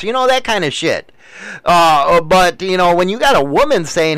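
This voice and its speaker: A man's voice: high-pitched, big pitch swings, normal speed, fairly bright tone, smooth, no room sound, poor audio. An older man hosting a show, delivering a blunt, crude, ranting monologue in casual talk.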